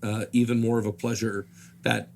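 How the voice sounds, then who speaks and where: A hoarse man talking as a podcast guest in casual chat, halting and filling pauses with "uh". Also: fairly low pitch, flat delivery, a little mellow, slight background noise. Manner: halting, with many fillers.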